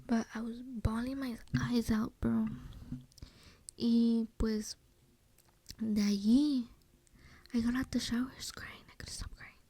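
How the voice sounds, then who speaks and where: Young woman, solo podcast host, casual slangy storyteller who slips into Spanish and soft whispers; mellow, fairly high voice, dry close sound. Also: fairly even intonation, measured pace, long pauses, slightly rough, no room sound. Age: young adult. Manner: slangy, mixes in Spanish phrases; drifts often into soft whispering.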